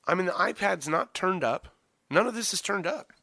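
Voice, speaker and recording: A man's voice: sits high, expressive, normal speed, creaky, bright, forceful tone. A man co-hosting a casual podcast, ranting profanely and exasperatedly about his week. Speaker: podcast co-host. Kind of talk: casual chat.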